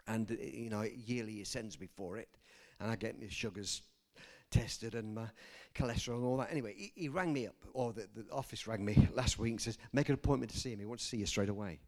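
An older man preaching a sermon, telling personal stories and swinging from soft asides to loud emphasis. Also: lowish voice, fast talker.

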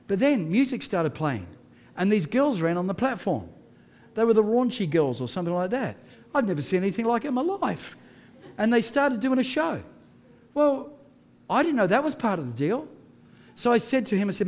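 A man's voice: high-pitched, sing-song, normal speed, a little mellow. A middle-aged Australian pastor preaching a sermon, telling a story conversationally with fillers and restarts, then pressing his point emphatically.

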